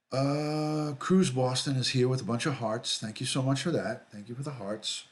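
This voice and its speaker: A man's voice: mid-range voice, fairly even intonation, normal speed, hardly any pauses. A middle-aged man, hosting a casual livestream, reading viewer comments aloud and greeting people by name, often repeating himself. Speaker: livestream host, retired detective.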